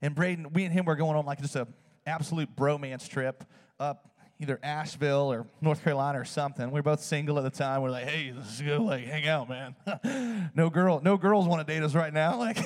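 A man preaching in a casual, animated storytelling way. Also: fairly high pitch, a little fast. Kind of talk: sermon storytelling. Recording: long hall reverb.

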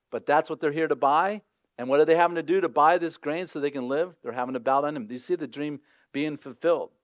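A man's voice: on the high side, no echo, muffled recording. A man preaching a sermon in a conversational way, acting out the voices of the people in the story as he explains it. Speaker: pastor.

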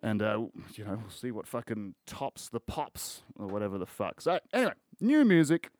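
A man's voice: lowish voice, big pitch swings, normal speed, a little mellow, no room sound. An Australian man hosting a solo podcast, rambling in casual chat with lots of swearing and crude jokes. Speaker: podcast host.

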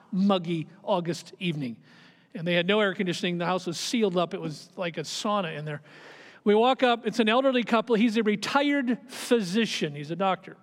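A middle-aged man, a pastor, preaching a sermon and telling a personal story, moving between quiet asides and emphatic raised lines. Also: high-pitched. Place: church sanctuary. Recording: long hall reverb of a church.

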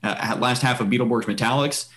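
A man's voice: mid-range voice, fairly even intonation, brisk, fairly bright tone. A man hosting a casual podcast chat, rambling with many fillers and restarts. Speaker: podcast host.

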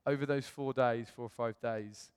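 Animated man preaching in reverberant hall. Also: mid-range voice, normal speed, clear, resonant tone. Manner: animated storytelling, acts out quotes, self-mocking humor. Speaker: pastor. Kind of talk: personal testimony sermon.

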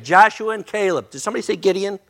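Older male pastor, high-pitched, slightly hoarse. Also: fast. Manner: folksy, joking, energetic. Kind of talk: sermon.

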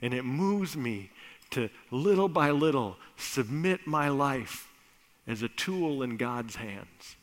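A man's voice: mid-range voice, animated, takes it slowly. Give me a man preaching a sermon, conversational but rising to emphatic peaks, in a reverberant church hall. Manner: conversational, builds to loud emphatic bursts. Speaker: pastor. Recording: echoey hall.

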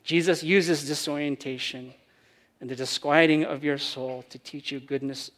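A male preacher delivering a sermon, with a voice pitched a little higher than most men's. He is animated, acts out the voices of the people he quotes, and moves between loud, punchy emphasis and quiet, hushed lines. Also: moderate pace. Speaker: pastor.

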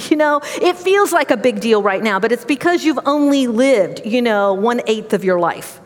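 A middle-aged woman giving a sermon, telling personal stories in a conversational, animated way. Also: on the high side, normal speed, in a large hall. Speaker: preacher.

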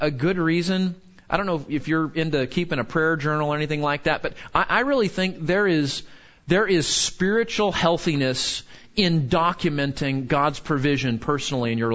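A male pastor delivering a sermon, animated and full of rhetorical questions. His voice sits high for a man. The recording sounds dull and lo-fi.

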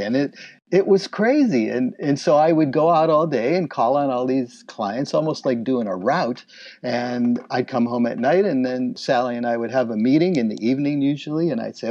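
A man telling stories about his illustration business and acting out remembered conversations in lively voices. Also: medium pitch, a little fast, dry recording. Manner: animated, acts out remembered dialogue. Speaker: interviewee, illustration business owner. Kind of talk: reflective storytelling. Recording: slightly dull, dry recording.

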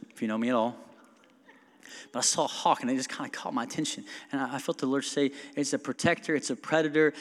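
A male pastor with a voice on the high side and a bit bright preaches casually in a church sanctuary where long hall reverb lingers. He builds the sermon around stories, quoting people and asking the congregation questions.

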